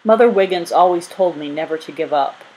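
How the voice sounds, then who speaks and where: A woman voicing a fussy, fearful lanky male innkeeper, in a high-strung, wailing manner. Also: a little fast, a little mellow, a little hiss or hum, close to an everyday voice, poor audio. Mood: proud.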